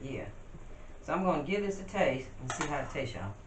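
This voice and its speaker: A woman's voice: low voice, animated, a little fast. A woman, chatting casually to her viewers while she cooks at home. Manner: chatty, addresses viewers as y'all, talks while working. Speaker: vlogger cooking at home. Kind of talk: casual cooking demonstration. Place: home kitchen. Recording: roomy, distant, noisy home video.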